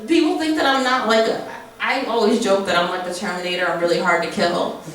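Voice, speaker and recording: A woman's voice: medium pitch, steady tone, a little fast, a little hiss or hum. Blunt woman telling stories at an open mic. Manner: candid and blunt, with bursts of laughter and sharp mock dialogue. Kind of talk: spoken word and storytelling at an open mic. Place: venue room at an open mic. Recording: very echoey room, mic at a distance.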